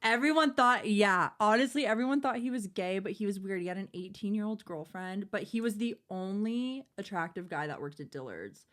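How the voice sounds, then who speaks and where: A woman's voice: mid-range voice, fairly quick, hardly any pauses, a bit bright. A young woman co-hosting a podcast, chatting bluntly and gossiping about old coworkers. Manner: blunt, gossipy, reacting with short quips. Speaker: podcast co-host. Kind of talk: casual chat.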